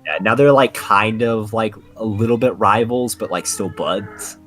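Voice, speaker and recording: A young man chats casually on a podcast in a slightly low voice, stumbling through restarts and fillers as he goes. Faint music plays underneath. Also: measured pace, a bit bright. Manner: rambling, many restarts and "like" fillers. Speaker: podcast co-host. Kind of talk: casual anime podcast chat.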